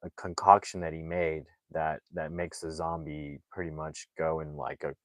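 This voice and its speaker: A man's voice: very deep voice, little pitch movement, normal speed, no room sound, poor audio. A man recapping a movie plot in a casual, rambling way, full of "like" fillers and restarts. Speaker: movie reviewer.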